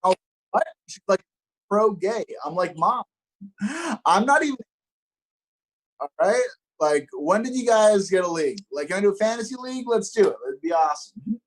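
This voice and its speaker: A man's voice: high voice, fast, low-quality recording. Upbeat young man doing stand-up. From Los Angeles. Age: young adult. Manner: upbeat, self-mocking, deadpan punchlines. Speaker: stand-up comedian. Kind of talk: stand-up comedy set.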